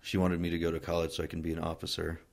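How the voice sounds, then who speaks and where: A man from Wyoming recounts his military past in a loose, meandering interview. His voice sits very low and carries a gravelly fry. His pitch barely moves as he talks. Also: racing. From Wyoming, USA. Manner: relaxed, rambling, many fillers and restarts. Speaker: interviewee, Marine veteran. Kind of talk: casual oral-history storytelling.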